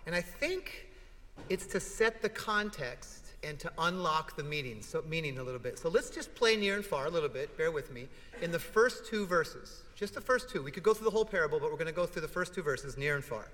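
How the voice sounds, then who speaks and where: A man preaches a sermon in a large church sanctuary, telling stories animatedly and posing rhetorical questions. His voice is a little high and fairly quick, and the echoey hall recording has a little hiss or hum.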